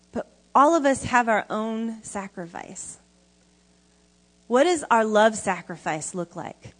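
Slightly high-voiced, a woman delivers a sermon to her congregation in a large church hall. She speaks emphatically yet conversationally and keeps asking the audience questions.

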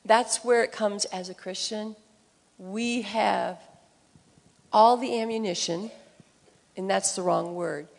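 A woman's voice: mid-range voice, fairly even intonation, slow pace, vocal fry, long pauses, a little mellow. A woman speaking earnestly in a church sermon. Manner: earnest, speaks of trusting God. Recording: long reverb of a hall.

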